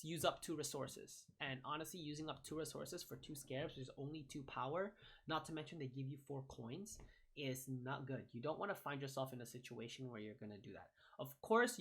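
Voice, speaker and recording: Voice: mid-range voice, a bit bright. A young adult gaming creator giving casual card-ranking commentary, rambling and often correcting and hedging mid-sentence.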